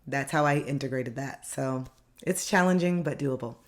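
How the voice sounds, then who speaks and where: A woman's voice: very deep voice, normal speed. A woman life coach giving an earnest, direct motivational self-help talk, repeating key phrases for emphasis.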